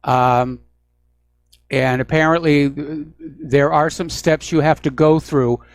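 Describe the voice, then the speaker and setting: A man hosting a call-in radio show, answering calmly and thoughtfully with many hesitations. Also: on the high side, takes it slowly, smooth, no room sound. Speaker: radio talk show host.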